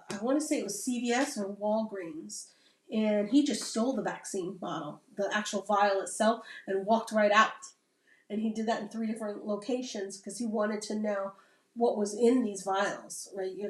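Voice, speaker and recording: A woman, a Navy veteran, talking in a casual, rambling podcast conversation and often checking in with "right?". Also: medium pitch. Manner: rambling, keeps adding "right?" tags. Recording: roomy sound from a distant mic.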